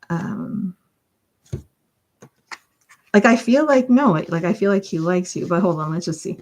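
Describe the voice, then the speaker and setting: A woman's voice: fairly low pitch, background noise. A woman doing a chatty live-stream tarot reading, thinking aloud with lots of fillers and giggling now and then. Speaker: tarot reader. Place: home.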